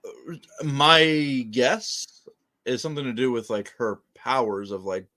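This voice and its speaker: A man's voice: medium pitch, slow, pushed and bright. A man co-hosting a casual show review, playful and teasing. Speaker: podcast co-host.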